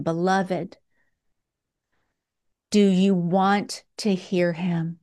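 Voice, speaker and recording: A woman preaching a sermon in a slow, earnest way, with dramatic pauses. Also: fairly low pitch, darkish tone, smooth.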